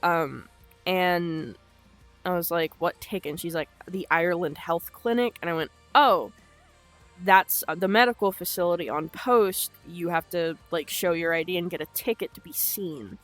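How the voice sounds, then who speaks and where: A woman's voice: on the low side, moderate pace, faint music behind. A woman telling a personal story unscripted, in a blunt, rambling and emotional way, swearing a lot.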